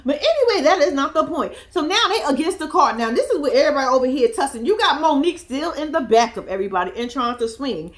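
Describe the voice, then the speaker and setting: A woman's voice: high-pitched, fast, hardly any pauses. A young woman giving casual, profane, laughing commentary as she recaps a reality TV episode. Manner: animated, profane, laughing storyteller. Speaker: reality TV reaction vlogger.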